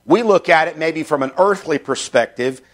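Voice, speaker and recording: A man's voice: a little high, lively intonation, normal speed. Man preaching with earnest asides. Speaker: pastor. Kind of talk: sermon.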